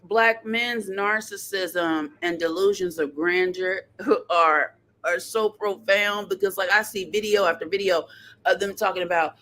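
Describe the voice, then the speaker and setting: A woman hosting a casual podcast chat, animated and sassy, laughing often as she talks. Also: medium pitch, a little slow. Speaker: podcast host.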